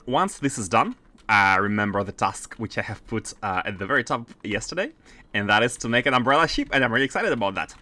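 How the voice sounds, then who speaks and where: A man's voice: on the low side, pushed and bright. A man streaming a factory-building game, thinking aloud in casual commentary with lots of fillers and restarts, keyboard typing behind him. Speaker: gaming streamer.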